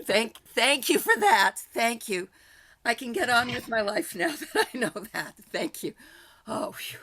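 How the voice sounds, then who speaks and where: A woman's voice: medium pitch, vocal fry, pushed and bright. A woman hosting an online improv show, chatty and jokey.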